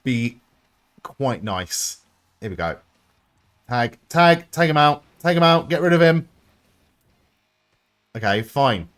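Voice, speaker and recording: Young male streamer, live gameplay commentary; swears freely, sarcastic, bouncy and animated in pitch. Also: slow, long pauses. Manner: excitable, swears often, sarcastic asides.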